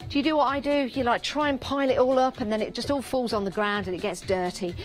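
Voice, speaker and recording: A woman's voice: on the high side, steady tone, quick pace, soft background music. Chatty English Midlands woman selling on air. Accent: English Midlands or Northern. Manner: chatty, upbeat, repeats prices and counts for emphasis. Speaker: shopping channel presenter. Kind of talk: live TV product selling. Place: TV studio.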